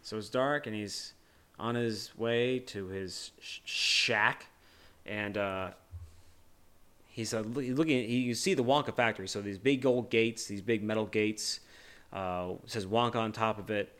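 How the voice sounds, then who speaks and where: Male podcast co-host, lower register, loose joking delivery that restarts itself often. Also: measured pace, a bit bright, clear, resonant tone. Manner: joking, loose, swears casually; rambling with many restarts. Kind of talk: casual movie discussion.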